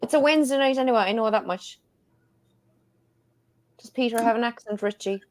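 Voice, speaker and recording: Woman, live-stream guest, lively, laughing, slightly high pitch. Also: fairly quick. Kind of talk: casual live-stream chat.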